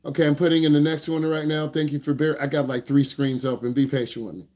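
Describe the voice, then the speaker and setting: Lively, joking male driving instructor. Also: fairly high pitch, quick pace. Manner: lively, joking, acts out parents. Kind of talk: live online Q&A lesson.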